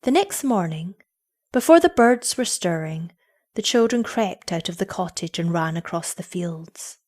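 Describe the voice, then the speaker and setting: A woman giving an expressive scripted story narration. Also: on the low side, measured pace.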